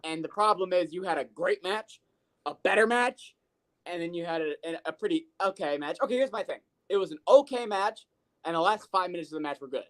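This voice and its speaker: Animated, profane podcast co-host. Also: medium pitch, fairly quick. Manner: animated, profane storytelling with lots of fillers. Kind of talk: casual chat.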